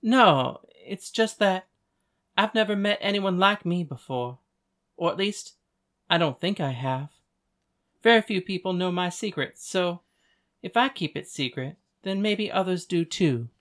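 A gentle young man asks soft, hesitant questions, as a voice actor reads him. The voice has a medium pitch and fits a romantic audiobook scene. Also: lively intonation, unhurried. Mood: tender. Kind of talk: audiobook dialogue reading.

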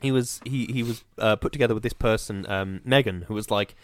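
A man chatting casually as a podcast co-host, telling an animated story full of ums and restarts. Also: on the low side, a little fast, crowd noise. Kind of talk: casual chat. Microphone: on camera, close mic.

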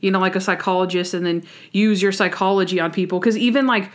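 A woman co-hosting a podcast, talking through a TV episode in a relaxed, casual way. She acts out the scenes as she goes, slipping into quoted voices and sound effects, with a voice of ordinary pitch for a woman. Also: fast talker. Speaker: podcast co-host. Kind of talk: casual chat recapping a TV episode.

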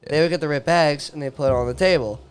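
A man's voice: a little high, quick pace, clean tone. A young man telling a rowdy story in casual chat, swearing and laughing and acting out the people he quotes. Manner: profane, laughing, acts out quoted voices.

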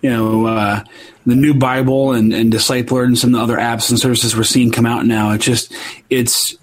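A husky, slightly breathy man talks casually as a podcast co-host. He's jokey and keeps slipping into goofy voices, with ordinary pitch and an easygoing delivery. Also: little pitch movement, normal speed. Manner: jokey, slips into silly put-on voices.

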